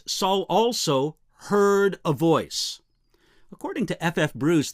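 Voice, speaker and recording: Expressive pastor with a lively higher voice. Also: male voice, dry recording, clean studio sound. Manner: expressive, emphatic reading with deliberate pauses. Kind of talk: daily devotional Bible teaching.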